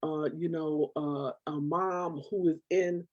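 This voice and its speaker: A woman's voice: low voice, slow pace, dull audio. Woman telling a story with feeling. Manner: animated, emotional storytelling with quoted dialogue. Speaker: nonprofit founder. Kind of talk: personal storytelling in an interview.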